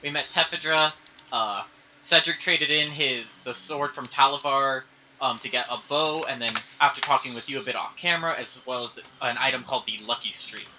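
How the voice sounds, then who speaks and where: A man's voice: medium pitch, normal speed, bright, forceful tone, slight background noise, poor audio. A man playing a tabletop game, recapping events hesitantly and stumbling over names. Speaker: player. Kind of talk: casual chat at a game table.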